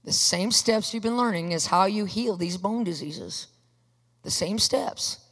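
A woman preaching a sermon in an emphatic, animated way, asking her listeners questions. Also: mid-range voice, a little slow, long reverb tail.

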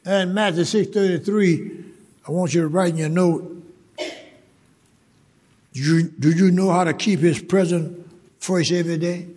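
A man preaching a sermon in church, shouting and laughing as he urges the congregation to laugh along. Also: sits high, fairly even intonation, a little slow, long pauses. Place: church service. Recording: live in church with crowd noise.

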